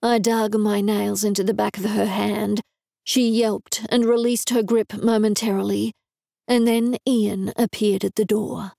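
Gravelly, mellow woman narrating an audiobook. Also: medium pitch, flat delivery, unhurried, no echo, studio quality. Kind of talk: scripted narration.

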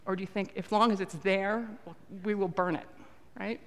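A woman giving an earnest, conversational talk to a church congregation, pausing with frequent ums. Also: mid-range voice, fairly even intonation. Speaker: lay speaker at a church service. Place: church sanctuary. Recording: long reverb of a large hall.

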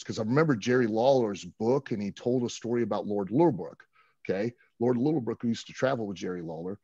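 A man with a husky, slightly rough voice tells a road story in an easy, chatty way, throwing himself into every quote. The sound is dry and close, with a slightly dull, lo-fi tone. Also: on the low side, fairly quick, dry recording. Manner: animated, acts out quotes. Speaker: guest. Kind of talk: casual storytelling.

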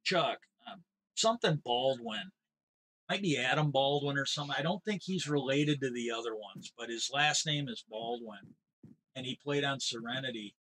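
A man's voice: mid-range voice, animated, normal speed, bright, forceful tone, poor audio. A man streaming a game live, retelling a story in a rambling, meandering way. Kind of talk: rambling casual chat while gaming.

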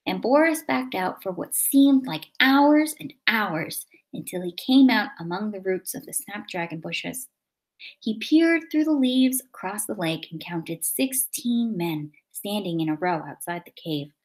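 A woman reading a children's chapter book aloud with expressive delivery. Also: fairly low pitch, unhurried. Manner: expressive, dynamic. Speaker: narrator.

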